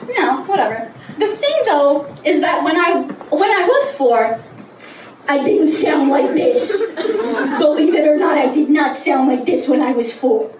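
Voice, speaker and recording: A roughly nineteen-year-old woman performs live stand-up in a bar, telling brash, profane, self-mocking stories in a high-pitched, lively, unhurried voice. The recording is roomy and distant, with loud bar ambience and a noisy background.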